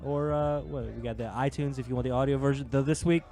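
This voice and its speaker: A man's voice: mid-range voice, fairly even intonation, quick pace, mellow, soft background music. A man co-hosting a wrestling podcast, chatting casually in a rambling, jokey way with lots of filler. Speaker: podcast co-host. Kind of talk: casual chat.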